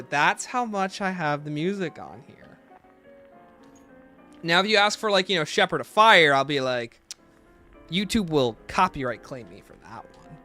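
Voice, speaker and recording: Male streamer, slightly high bright voice, casual joking banter over faint music. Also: expressive, a little slow, pauses often. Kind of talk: live gameplay commentary, reading chat. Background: faint game music playlist.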